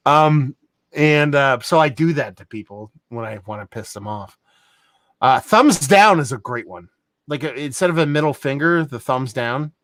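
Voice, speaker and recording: A man co-hosting a podcast in casual chat, animated and profane, swinging between loud and soft. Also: mid-range voice, normal speed, no room sound. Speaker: podcast co-host.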